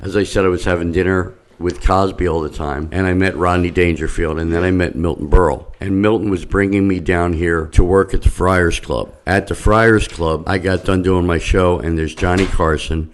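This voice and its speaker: Deep-voiced man telling a comedy story. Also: steady tone, normal speed, few pauses. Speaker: comedian guest. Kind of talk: storytelling anecdote.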